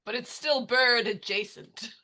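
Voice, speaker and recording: Tabletop player, bright voice, playful and giggly. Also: mid-range voice, measured pace. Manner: laughing, playful. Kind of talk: casual tabletop game chat.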